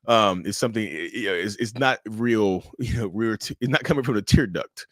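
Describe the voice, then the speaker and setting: A man hosting a casual livestream, animated and joking, often stumbling and restarting as he answers viewers' questions. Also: lowish voice, a little fast, no room sound, clean studio sound. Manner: addresses viewers as y'all, answers chat questions. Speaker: livestream host.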